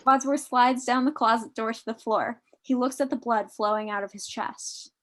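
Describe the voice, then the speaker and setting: A woman reads out the stage directions clearly and steadily in a live online script reading. Her voice sits a little high for a woman, and her delivery stays even from line to line. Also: moderate pace. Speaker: narrator of the stage directions and co-host.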